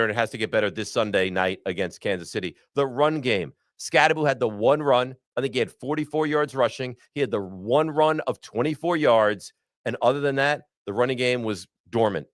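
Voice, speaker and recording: Male sports host, mid-pitch, blunt and exasperated, dry studio sound. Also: lively intonation, moderate pace, fairly bright tone, no echo. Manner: frustrated, blunt sports rant. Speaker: podcast host. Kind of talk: sports talk.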